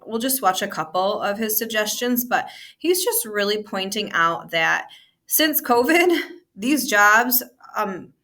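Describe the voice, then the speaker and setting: A woman's voice: medium pitch, sharp tone. A woman teacher giving a conversational lesson on future careers, encouraging and informal. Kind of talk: classroom lesson.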